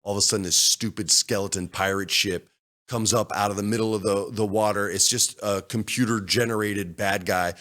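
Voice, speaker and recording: A man co-hosting a podcast, telling a gaming story casually and acting out other players' voices in loud bursts. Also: fairly low pitch, steady tone, fairly quick. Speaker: podcast co-host. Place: studio.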